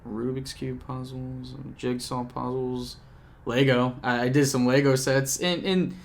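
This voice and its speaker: Speaking at an unhurried pace in a level, mid-range voice, a young man chats to his camcorder at home for a casual vlog recap. This YouTuber rambles and jokes, frequently breaking off his own sentences.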